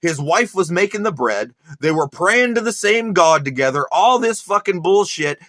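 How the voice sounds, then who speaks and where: A man's voice: high-pitched, expressive, normal speed, a bit bright, dry recording, clean studio sound. A man hosting a podcast, ranting crudely and sneering at a preacher, swearing constantly. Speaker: podcast host reacting to a sermon clip. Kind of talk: profane mocking rant.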